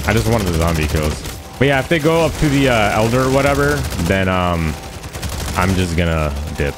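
A man's voice: low-pitched, lively intonation, a little fast, noisy background. A man giving playful, casual commentary while playing a game, now and then chanting lines over and over. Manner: playful, sings along and repeats chants. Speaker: gaming streamer. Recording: game gunfire behind voice.

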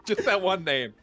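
A man on voice chat who teases a friend during a casual game session. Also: high voice. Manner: playful and teasing. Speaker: teammate on voice chat.

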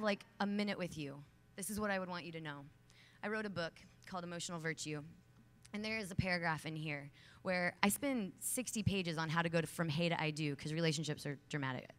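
A woman in her thirties speaks from a large conference stage to a room of young women. Her voice sits slightly low. She is earnest and emphatic, and when she tells stories she turns casual and chatty, full of "like" and quick asides. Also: fairly bright tone. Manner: chatty storytelling with many fillers. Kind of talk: motivational talk to young women.

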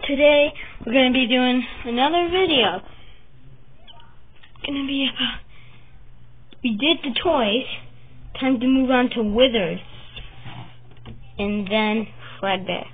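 A woman hosting a casual vlog, chatting and rambling as she shows her drawings, with the hiccups and bursts of excitement. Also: high-pitched, slow, pauses often. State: has the hiccups. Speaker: channel host showing her drawings. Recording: tinny phone-like sound with faint noise.

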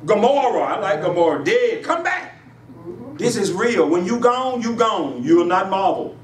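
A man preaching a sermon in a church, with emphatic call-and-response delivery that rises in pitch on his punchlines. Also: big pitch swings, unhurried, far from the mic. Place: church sanctuary. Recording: echoey church room, voice from afar, faint hiss.

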